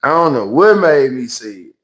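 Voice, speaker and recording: A man's voice: mid-range voice, sing-song, normal speed, poor audio. A man with a Memphis Southern accent telling a rambling, slangy story on a livestream, acting out other people's voices. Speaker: livestream host. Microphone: phone livestream.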